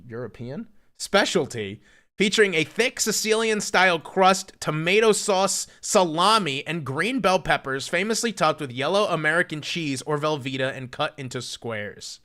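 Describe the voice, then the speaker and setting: A man's voice: a little high, pushed and bright. A young man streaming live, ranting in a profane, mocking, incredulous way. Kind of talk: casual livestream rant.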